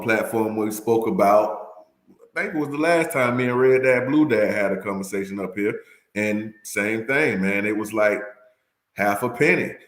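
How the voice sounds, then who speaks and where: A man's voice: fairly low pitch, echoey room. A man as a guest on a casual podcast chat, laid-back and drawling, often throwing in "man".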